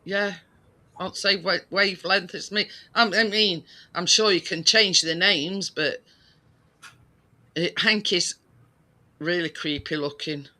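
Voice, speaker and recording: A man's voice: high-pitched, a little slow, pauses often, bright, forceful tone. A British man in casual chat as a co-host, rambling with lots of restarts and fillers. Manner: rambling, many restarts and fillers, laughs easily.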